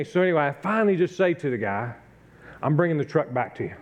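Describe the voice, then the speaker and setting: A man's voice: fairly high pitch, expressive, normal speed, highs cut off. A middle-aged male pastor preaching a conversational sermon, telling a self-deprecating story and acting out his own frustration.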